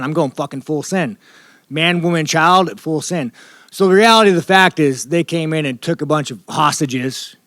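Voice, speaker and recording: A man from the United States, a professional fighter, fields a press scrum at media day, speaking bluntly and profanely as he rambles. The voice is on the high side and a bit bright, captured in clean studio sound with no echo.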